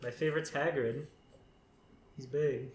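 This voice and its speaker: A man co-hosting a podcast, joking around in casual chat with quick asides. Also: mid-range voice, steady tone. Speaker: podcast co-host. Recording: echoey room, faint noise.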